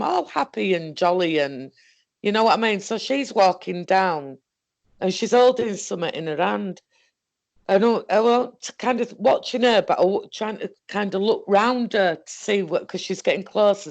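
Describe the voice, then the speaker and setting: A woman with a Northern English accent telling a personal story in a halting, rambling way, correcting herself and restarting as she goes. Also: mid-range voice. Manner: halting, self-correcting, full of fillers and restarts. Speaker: guest recounting a paranormal experience.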